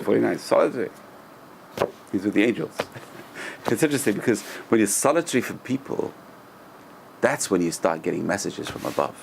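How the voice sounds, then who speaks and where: A man's voice: on the low side, creaky, slight background noise. A middle-aged man, a rabbi, teaching a Torah lesson in a conversational storytelling way, often repeating himself and chuckling.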